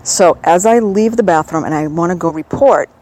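A woman's voice: on the low side, normal speed, dark tone, poor audio. A woman from the northern United States, chatting in a digressive, self-amused way into a handheld recorder for her audio diary. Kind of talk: rambling personal audio diary.

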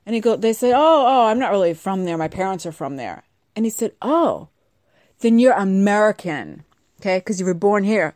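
A woman's voice: mid-range voice, darkish tone, no echo, studio quality. A middle-aged woman hosting a podcast, chatting casually and telling a story with acted-out quotes. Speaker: podcast host. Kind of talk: casual monologue.

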